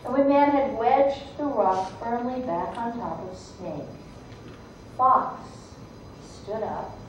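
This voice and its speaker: Woman storyteller, high voice, slow dramatic telling, echoey room, faint background noise. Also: distant mic, muffled recording. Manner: expressive, measured, dramatic pauses. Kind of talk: live folktale storytelling.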